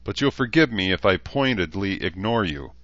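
A man playing a calm, commanding war leader with a dry manner. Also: deep voice, normal speed, no room sound, dull audio.

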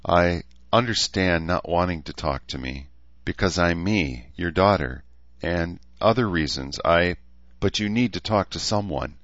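Audiobook: male narrator doing a blunt, strained young woman, raised pitch over a deep voice, dry dull sound. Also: measured pace, a bit bright, no echo. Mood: exasperated. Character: young adult woman, anxious, blunt daughter.

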